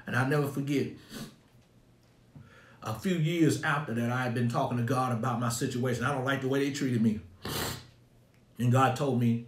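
A man's voice: mid-range voice, fairly even intonation, moderate pace, long pauses, echoey room. A middle-aged man, a pastor preaching a sermon in an emphatic, colloquial style, repeating his points over and over. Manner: emphatic, colloquial and repetitive, often laughing.

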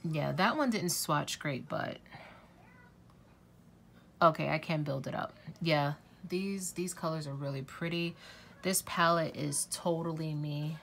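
A woman's voice: low-pitched, measured pace, vocal fry, a bit bright, a little hiss or hum. A woman talking casually to camera as a beauty vlogger, chatty and effusive, swearing now and then.

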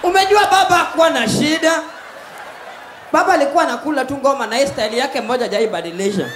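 A man with a Kenyan accent performing a loud stand-up comedy set on a live stage, mixing Swahili and English and acting out voices. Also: very high-pitched, fast, a crowd in the background, background noise. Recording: echoey live venue with faint ambience.

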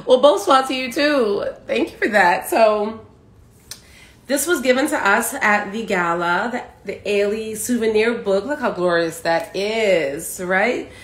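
A woman hosting a casual live stream, effusive and quick to laugh. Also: medium pitch, reverberant. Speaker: host of a live video stream.

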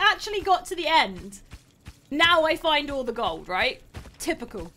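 A young woman hosts a live game stream with a high, bright voice that leaps up and down as she plays. She talks excitably, exclaiming and laughing through the action. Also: measured pace. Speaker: streamer host. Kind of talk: live gameplay commentary.

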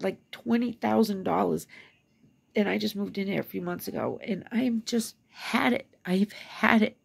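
A woman's voice: fairly low pitch, creaky, a little mellow, breathy edge. A woman venting to the camera, upset and close to tears, swearing as she swings between whispers and angry outbursts. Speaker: vlogger venting. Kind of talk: emotional rant to camera.

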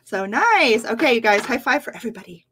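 A woman's voice: a little high, big pitch swings, brisk, pushed and bright, slight background noise. A woman teaching English on a livestream, repeating words patiently for learners. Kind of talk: livestream lesson.

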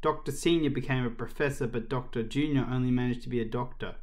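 A man reading a children's book aloud in a lively, expressive way. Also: medium pitch, fast. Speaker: storyteller.

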